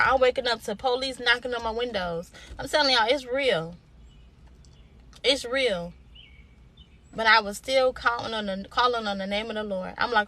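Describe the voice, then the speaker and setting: A woman's voice: a little high, pushed and bright. A young adult woman speaking to camera as a motivational speaker. She talks in an informal, colloquial way and repeats her lines like a preacher exhorting a crowd. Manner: emphatic, repetitive, preacher-like exhortation. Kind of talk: inspirational direct-to-camera talk.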